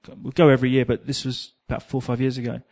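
An Englishman preaches a sermon built around a personal story, full of self-mocking humor and snippets of song. He's a lively storyteller with a medium-pitched voice, vocal fry, and a rapid-fire delivery.

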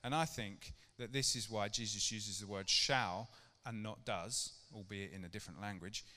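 Chatty middle-aged preacher in a reverberant hall. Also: male voice, fairly low pitch, moderate pace, bright, forceful tone. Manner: conversational and chatty, with rhetorical questions to the congregation. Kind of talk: casual sermon to a church congregation. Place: church hall. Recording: long reverb of a church hall.

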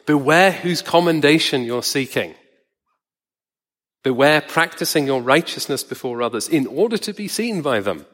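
Preacher in a reverberant church hall. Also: male voice, medium pitch, a bit bright. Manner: measured, wry and conversational, slowing to stress words. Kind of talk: sermon.

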